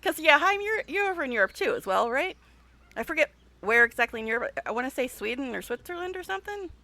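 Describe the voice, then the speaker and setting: Chatty woman, gravelly and bright. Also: medium pitch. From United States. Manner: chatty storyteller, laughs often, talks directly to chat. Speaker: streamer. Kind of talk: casual chat while live-streaming a game.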